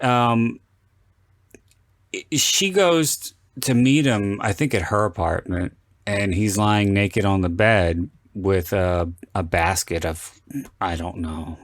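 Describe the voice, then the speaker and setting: A man hosting a podcast, chatting casually about a film and acting out scenes with lively, sweary retellings. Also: lowish voice, no room sound, studio quality. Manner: animated storyteller, acts out quoted lines with swearing. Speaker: podcast host. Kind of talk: casual film commentary chat.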